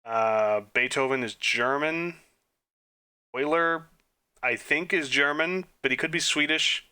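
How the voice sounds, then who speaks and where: Guy doing quiz commentary, bright voice, mumbles names then yells at himself. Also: a little high, slow, clear, resonant tone. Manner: mutters answers aloud, flustered outbursts, self-mocking. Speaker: gaming YouTuber.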